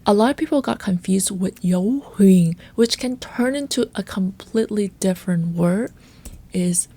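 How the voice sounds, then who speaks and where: Slow, mellow-voiced woman teaching. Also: medium pitch. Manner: slow, careful, repeats example words to model pronunciation. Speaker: language teacher. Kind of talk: language lesson.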